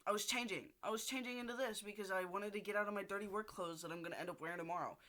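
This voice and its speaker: Bright-voiced young man venting. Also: high voice, fairly even intonation, racing. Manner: frustrated, swears often, rambling with restarts. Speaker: video diarist. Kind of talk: casual venting diary.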